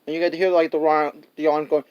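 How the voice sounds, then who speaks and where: A man's voice: on the high side, level tone, quick pace, a little mellow, smooth, lo-fi sound. A man reviewing a movie in a casual, rambling way, with many fillers and restarts, laughing and acting out scenes. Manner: laughs often and acts out scenes.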